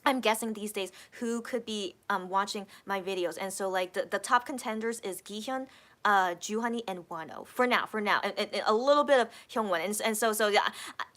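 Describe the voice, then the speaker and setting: A woman's voice: mid-range voice, fairly quick, a bit bright. An American woman hosting a casual live chat, reading out viewer comments and rambling on with lots of repeated words. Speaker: livestream host.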